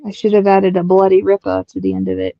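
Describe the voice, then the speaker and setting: A woman's voice: medium pitch, sing-song, quick pace, creaky, no echo, dull audio. A woman chatting casually with friends on a stream, teasing them and mimicking their voices. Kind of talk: casual chat.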